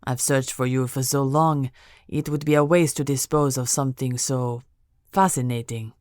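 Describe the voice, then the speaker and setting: A woman voicing a cold, predatory male vampire count who speaks softly and menacingly. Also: rumbling low, steady tone, no room sound, clean studio sound, pitched below the performer's own voice. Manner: soft, dangerous, slow voice.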